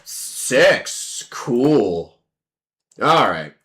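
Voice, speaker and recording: A woman's voice: extremely low pitch, big pitch swings, very slow, a bit bright. A woman streamer giving casual commentary on a card game, playful and sarcastic, acting out both sides of the table and swearing freely.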